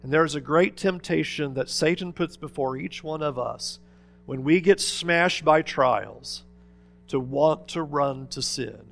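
A man preaching a sermon as pastor, swinging between loud, urgent appeals and hushed, quiet asides. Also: fairly high pitch, a little slow, gravelly, faint music behind.

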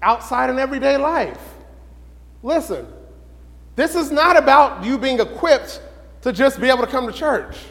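A man teaching a Bible lesson in sermon style, questioning the room and building to excited shouts. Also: very high-pitched, normal speed, long pauses, in a large hall.

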